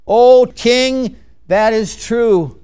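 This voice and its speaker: A man voicing a fawning male courtier who gushes flattery at a king. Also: extremely high pitch, extremely slow, clean tone, heavily acted.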